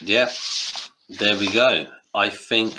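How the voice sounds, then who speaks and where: A man's voice: on the low side, slow pace, noisy background. A man hosting a podcast, chatting casually and laughing often between jokes. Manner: giggly, jokey, drops into silly impressions. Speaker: podcast host.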